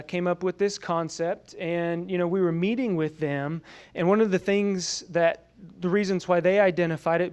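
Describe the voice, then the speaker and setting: A man's voice: high voice, clear, resonant tone. A man giving a conversational conference presentation to a room of colleagues, often saying "you know" and asking the audience questions. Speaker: presenter at a training summit.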